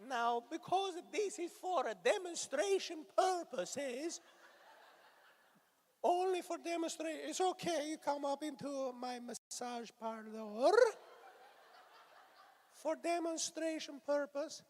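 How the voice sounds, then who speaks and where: A man voicing a pushy male hand-puppet masseur as a comic bit, talking in a slow, drawn-out, sleazy sales pitch. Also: a little mellow. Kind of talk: comic improvised puppet voice at a fan panel.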